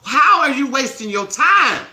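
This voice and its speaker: A woman hosting a self-help live stream, scolding her viewers in a profane, forceful rant. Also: sits high, sing-song, a little slow, echoey room, low-quality recording.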